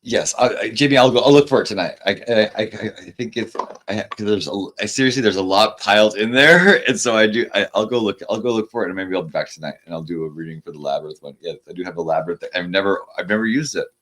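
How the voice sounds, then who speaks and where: A man giving tarot card readings in a casual livestream chat with viewers, rambling and stammering through restarts, and reading card messages aloud slowly. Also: fairly low pitch, a bit bright. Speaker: tarot reader.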